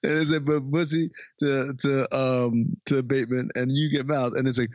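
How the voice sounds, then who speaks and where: A man's voice: mid-range voice, fairly even intonation, normal speed, hardly any pauses, no room sound, lo-fi sound. A man casually recapping a film scene, laughing often and acting out the characters' lines. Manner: laughs often, acts out quotes.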